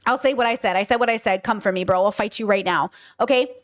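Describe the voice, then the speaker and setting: A woman hosting a stream, telling a story in a blunt, profane and animated way. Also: mid-range voice, quick pace. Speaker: podcast and stream host. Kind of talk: casual storytelling to a livestream audience.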